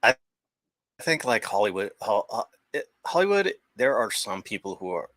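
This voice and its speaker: A man's voice: fairly low pitch, very animated, moderate pace, a bit bright, dry recording. A young man chatting casually as a guest on a stream, rambling with many restarts and the odd swear. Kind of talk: casual chat.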